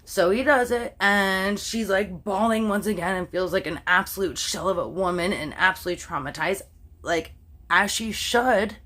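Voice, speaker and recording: A Canadian woman with a medium-pitched voice and moderate pace tells her viewers a true crime story in a casual, chatty manner. She says "like" constantly and cuts off swear words before finishing them.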